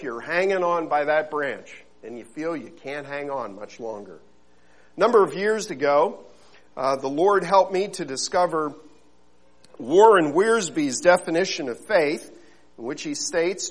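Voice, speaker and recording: A man's voice: on the high side, poor audio. A male pastor giving a sermon, talking earnestly and conversationally, with frequent fillers and restarts. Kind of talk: sermon with opening prayer.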